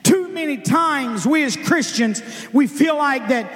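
A man preaching a sermon, emphatic, drawing out his words and then shouting for emphasis. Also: extremely high pitch, a little slow, long reverb tail.

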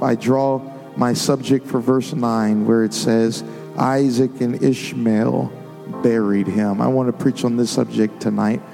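A man preaching a sermon to a congregation, building from plain talk into sung, shouted climaxes. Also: medium pitch, fairly even intonation, normal speed, vocal fry. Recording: music behind the voice.

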